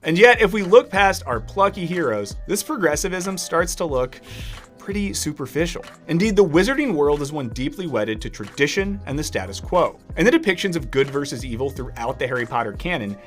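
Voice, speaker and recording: A man's voice: a little high, animated, fairly quick, faint music behind. A man reading a scripted video essay narration in a polished, analytical delivery.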